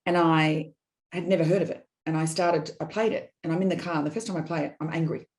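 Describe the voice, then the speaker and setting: A middle-aged woman, a podcast guest, telling personal stories in an animated, digressive way and acting out quoted dialogue. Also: deep voice, quick pace. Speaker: guest, business consultant. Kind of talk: candid personal storytelling in a podcast interview.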